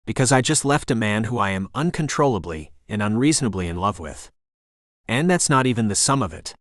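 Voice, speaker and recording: A man voicing a smooth, easygoing young man. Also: on the low side, animated, brisk, no echo, clean studio sound, close to an everyday voice. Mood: earnest. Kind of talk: audiobook character reading.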